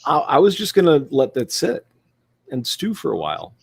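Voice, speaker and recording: A man co-hosting a casual podcast, with deadpan delivery and dry, teasing humor. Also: medium pitch, normal speed, husky, no echo.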